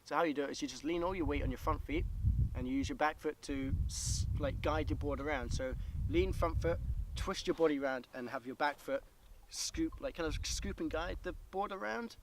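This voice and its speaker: Young man chatting over loud outdoor noise. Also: a little high, fairly quick. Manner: chatty, loose, with many "uh" and "like". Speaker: skateboarding vlogger. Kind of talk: casual tutorial talk.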